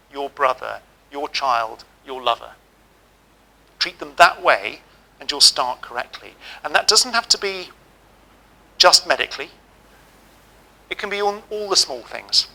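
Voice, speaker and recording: A middle-aged man giving a keynote speech, telling lively, humorous stories. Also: on the high side, vocal fry, poor audio. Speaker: keynote speaker. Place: auditorium.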